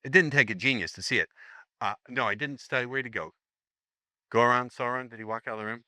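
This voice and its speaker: A seminar instructor with a mid-range, sharp-toned voice talks fast on a dry recording. He tells a story to a live seminar audience in a chatty, playful way, acting out the dialogue as he goes.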